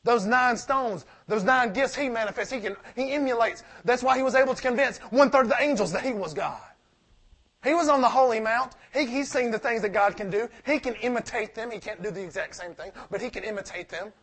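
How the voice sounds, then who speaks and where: In this sermon, a male preacher with a high, husky voice moves at a brisk pace. His delivery swings between forceful emphasis on key points and quiet, near-mumbled side remarks, and he answers his own rhetorical questions.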